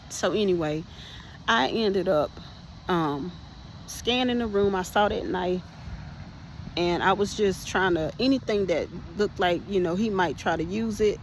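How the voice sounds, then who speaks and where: A woman's voice: medium pitch, slight background noise, rough recording. Woman telling a personal testimony. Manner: conversational, addresses listeners as "y'all", frequent restarts. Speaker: podcast host sharing her testimony.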